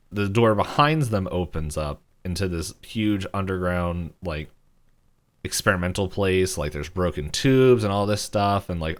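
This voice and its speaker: Male podcast co-host, lowish voice, loose rambling recap style, chuckles between beats. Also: smooth. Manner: rambling retelling, heavy use of "like", frequent chuckles. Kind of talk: casual episode recap chat.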